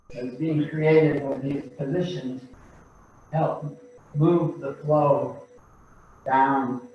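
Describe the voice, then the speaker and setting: A man teaching qigong, calmly and slowly cueing each breath and movement. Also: medium pitch, a little hiss or hum. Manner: slow, calm cueing of breaths. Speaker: qigong instructor. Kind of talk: guided movement and breathing instruction. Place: practice studio room. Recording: very echoey, distant, dull room sound.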